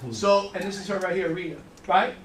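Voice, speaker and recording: A man giving an animated training talk to a room, storytelling and repeating his words. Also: high-pitched, fairly quick, a crowd in the background. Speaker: financial services trainer. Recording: echoey room from far off.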